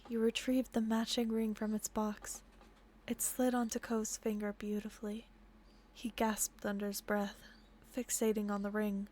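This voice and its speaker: A young woman reading a romantic visual novel aloud, often giggling and apologizing between softly read passages. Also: on the high side. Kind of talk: reading game text aloud with chatty asides.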